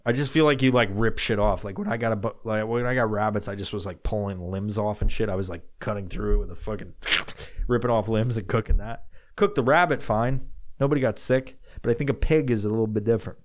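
A man's voice: on the low side, brisk. A man hosting a solo podcast, rambling casually and swearing often while he answers odd questions, sometimes laughing at himself. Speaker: podcast host.

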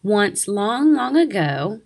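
Slow, lilting woman reading a storybook. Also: mid-range voice, very animated, gravelly, a little mellow. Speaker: narrator.

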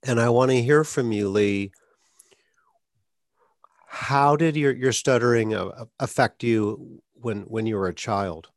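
A man's voice: medium pitch, slow, no echo, studio quality. A man from Atlanta, hosting an interview and speaking plainly about his own stuttering. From Atlanta, Georgia, US. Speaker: podcast host.

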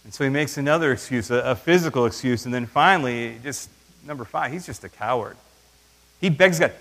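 A man preaching a sermon in an animated way, acting out the voices he quotes. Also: mid-range voice, normal speed, long pauses, big-room sound. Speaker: pastor.

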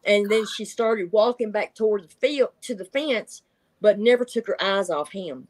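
A woman's voice: medium pitch, moderate pace, darkish tone. A middle-aged woman, telling stories in casual chat, laughing often and acting out voices. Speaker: guest telling encounter stories.

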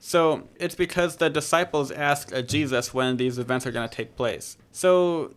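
Speaking at a normal pace with a slightly high, clean voice, this podcast host discusses the Bible conversationally. He jokes around and corrects himself as he goes.

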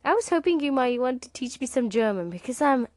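A woman's voice: sits high, animated, fairly quick, darkish tone, dry recording. A woman from Romania hosting a casual podcast, chatting and thanking listeners who called in, often laughing. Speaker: podcast host.

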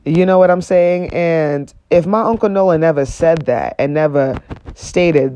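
A man's voice: on the high side, measured pace, warm tone, highs cut off. Earnest young man hosting a solo podcast. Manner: earnest, conversational, many "you know what I'm saying" fillers. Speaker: podcast host.

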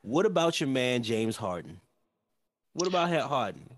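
A man's voice: medium pitch, very animated, moderate pace, noisy background. A man hosting a casual sports podcast, asking teasing questions with frequent stammered restarts. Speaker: podcast host.

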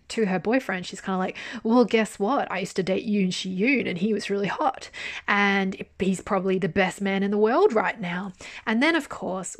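Woman drama reviewer, casual chat, frank and lively, drops swear words, mid-pitched voice. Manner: candid, animated, swears freely.

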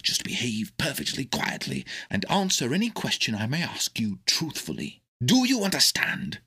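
A man voicing a kindly, eccentric older male doctor in a storybook reading, brisk and earnest. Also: medium pitch, huge pitch swings, bright, forceful tone, a little hiss or hum, pitched above the performer's own voice, full character voice. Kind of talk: audiobook character reading.

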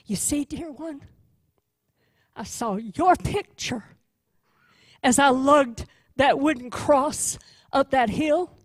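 Woman doing a hushed, tender savior. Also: high voice, takes it slowly, no echo, voice pushed up. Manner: hushed, tender, half-whispered. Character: gentle male defense attorney, Christlike savior.

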